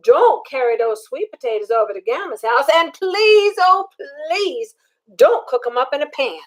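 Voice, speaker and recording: Older lady doing a sly little storybook girl, begging all dramatic, high squeaky voice. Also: animated, normal speed. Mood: pleading. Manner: pleading, exaggerated.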